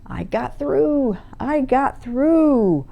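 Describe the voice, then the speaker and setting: A fiendish male spirit gloats in a high, drawn-out voice, as a woman reads it out. It sounds gravelly and slow. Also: lively intonation, lo-fi sound, heavily acted. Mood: gloating.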